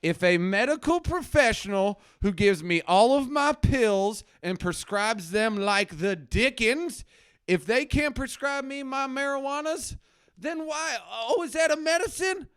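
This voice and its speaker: A man playing a blustering, paranoid male anti-drug crusader doctor who hosts a live stream from his basement, ranting between mutters and shouts. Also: extremely high pitch, lively intonation, measured pace, smooth, dry recording, studio quality, full character voice. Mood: outraged. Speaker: comedy show host. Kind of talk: satirical character live stream. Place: home basement.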